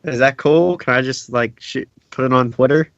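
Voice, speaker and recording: A man's voice: mid-range voice, normal speed, dry recording. Male podcast co-host, laid-back, joking, dry and muffled lo-fi sound. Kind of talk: casual chat.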